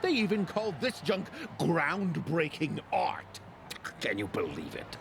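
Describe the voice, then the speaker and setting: A man's voice: on the high side, wildly swooping pitch, slow, noisy background, full character voice. A grumbling grumpy old man. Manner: grumbling, lecturing. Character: grumpy old man, jaded film critic. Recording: game audio over clear music.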